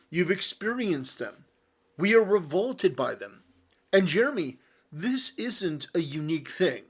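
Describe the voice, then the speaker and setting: A man giving direct-address commentary, earnest and lecturing as he speaks straight to the person he is answering. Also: a little high. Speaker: online commentator.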